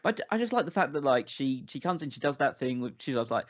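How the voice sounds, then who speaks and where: A man's voice: medium pitch, quick pace, hardly any pauses. A man co-hosting a movie-review podcast talks in a loose, rambling way, circling back and restarting his sentences. His voice sits in a middle range, and the audio is a bit dull and lo-fi. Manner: rambling, restarts a lot, animated. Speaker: podcast co-host. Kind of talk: casual movie-review chat.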